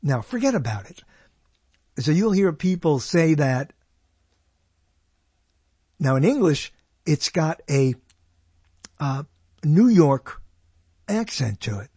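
Gravelly husky guy rambling on his radio show, voice bouncing all over, dry close mic. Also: medium pitch, no echo. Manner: animated, rambling, laughs at himself. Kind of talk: rambling casual monologue.

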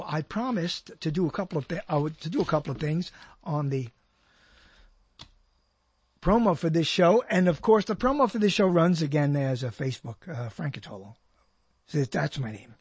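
Husky older man hosting internet radio. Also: high voice, no echo. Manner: rambling, jokey, self-deprecating asides. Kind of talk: solo radio talk, rambling.

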